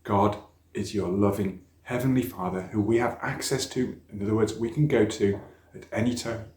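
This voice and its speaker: A man's voice: lowish voice, steady tone, moderate pace, a little mellow. A middle-aged man, telling stories in a sermon for young people. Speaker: speaker at a church youth talk. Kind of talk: storytelling children's sermon. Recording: echoey church room.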